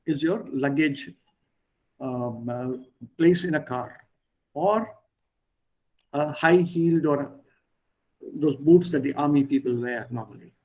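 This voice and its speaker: A man teaching a language lesson online, explaining word pairs patiently with pauses. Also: fairly high pitch, warm tone, low-quality recording.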